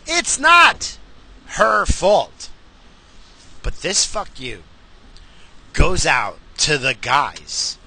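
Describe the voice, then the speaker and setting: A man on a profane comedic rant, heated and swearing, who now and then bursts into shouts. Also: mid-range voice, gravelly, husky.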